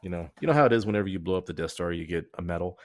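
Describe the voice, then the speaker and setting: A man with a very low, deep voice hosts a podcast, talking in a loose, rambling, joking way that often trails off and restarts. The sound is close and dry, with no room sound around him. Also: racing, no echo. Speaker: podcast host. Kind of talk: casual chat.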